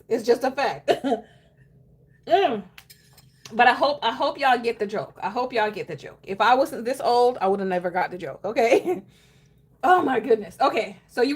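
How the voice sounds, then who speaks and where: A woman vlogging casually to her viewers, expressive and exclaiming, who keeps breaking into laughter. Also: sits high, slightly rough. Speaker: planner vlogger. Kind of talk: casual chat to camera.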